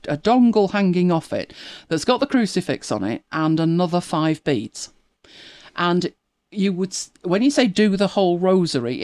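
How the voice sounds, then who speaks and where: A woman's voice: fairly low pitch, darkish tone, no room sound. A woman, chatting casually as a podcast co-host and telling stories with frequent laughs. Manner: chatty storyteller, laughs often. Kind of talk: casual chat.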